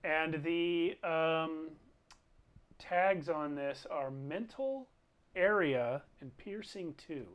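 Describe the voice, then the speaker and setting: A man running a tabletop game as game master, thinking aloud over the rules in an unhurried way. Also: on the high side, animated.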